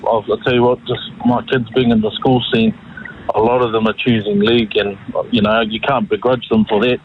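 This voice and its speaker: A man's voice: mid-range voice, flat delivery, moderate pace, slight background noise. A middle-aged man calling in to a radio talk show, chatting in a rambling way with lots of fillers. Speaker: caller. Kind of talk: casual talkback chat about rugby. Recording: tinny phone line.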